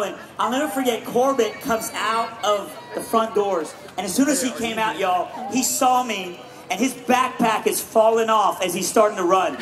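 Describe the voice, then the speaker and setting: A man with a high, light voice tells an animated, self-deprecating story from a stage. He is picked up from a distance, and crowd noise fills the space around him. The delivery is a joking, personal sermon. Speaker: speaker at a benefit event. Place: large live event venue.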